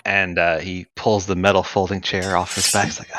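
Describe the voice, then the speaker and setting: A man playing at a tabletop game, describing his character in a dry, low-key way. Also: little pitch movement, moderate pace, sharp tone, no echo. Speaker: player. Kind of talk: casual play at the table.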